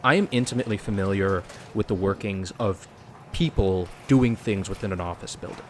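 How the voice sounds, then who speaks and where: A man playing a polite businessman character in a tabletop game, measured and formal, laughing often. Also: deep voice, slight background noise. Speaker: player.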